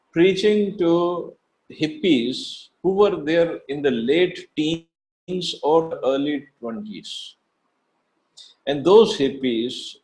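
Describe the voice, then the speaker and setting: A man teaching a devotional scripture class in an earnest, emphatic way. He circles back on his phrases, restarting and repeating words to press his points. His voice sits at an ordinary middle pitch. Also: low-quality recording. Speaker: teacher giving a Bhagavad Gita class.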